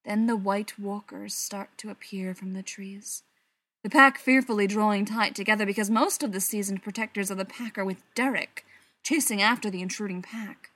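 Female narrator reading a story aloud, soft delivery that often sinks to a whisper. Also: medium pitch, fairly even intonation, normal speed, no echo. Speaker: story reader.

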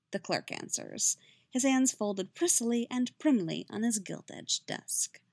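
A woman narrating a fan fiction story with expressive storytelling. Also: fairly high pitch, a little slow, creaky, dry recording, studio quality.

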